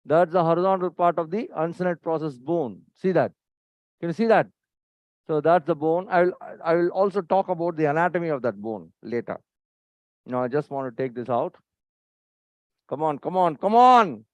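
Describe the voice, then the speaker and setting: A man's voice: fairly high pitch, no echo. A man teaching a surgery live, checking in with questions and repeating his pointers. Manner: instructive, repeats "see here" and quizzes listeners; brisk and impatient with staff. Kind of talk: live surgical teaching commentary. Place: operating theatre. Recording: dry, dull lo-fi recording.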